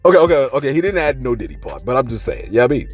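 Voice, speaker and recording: A man hosting a celebrity gossip channel, talking casually to viewers with animated rhetorical asides and repeated words. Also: mid-range voice, racing, husky, faint music behind. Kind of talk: casual gossip commentary to camera.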